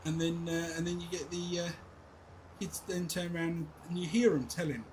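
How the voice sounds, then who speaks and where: A man's voice: a little high, fairly even intonation, normal speed, darkish tone, a little hiss or hum, rough recording. A middle-aged English man, streaming a game and chatting casually, rambling through exasperated stories with laughs. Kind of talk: casual chat while gaming.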